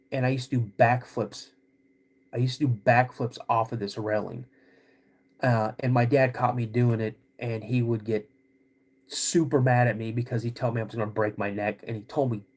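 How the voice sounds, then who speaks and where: A man hosting a podcast, vividly retelling a personal story in a halting way, with many restarts. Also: mid-range voice, a little mellow. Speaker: podcast host.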